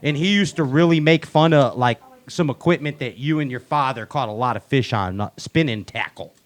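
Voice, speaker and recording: A man's voice: medium pitch, normal speed. A man hosting a live show from a bar, joking with guests and announcing like a hype man. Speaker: show host. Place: bar venue with live audience.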